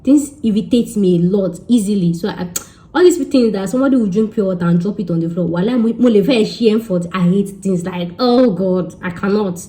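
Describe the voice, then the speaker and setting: A young Nigerian woman with a Nigerian accent, telling a story to her viewers in a lively, joking way and mixing Pidgin and Yoruba into her English. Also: mid-range voice, a little fast. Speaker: vlogger. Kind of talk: casual storytelling.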